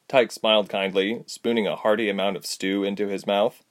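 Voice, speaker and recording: A man narrating a storybook, reading with lively character voices. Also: on the low side, normal speed. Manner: very animated, expressive delivery. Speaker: audiobook narrator.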